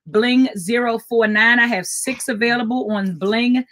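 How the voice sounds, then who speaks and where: A woman's voice: on the high side, measured pace, a bit bright. Chatty woman selling jewelry live. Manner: chatty, repeats item codes, greets viewers by name. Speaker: jewelry seller on a live stream. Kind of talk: live sales stream.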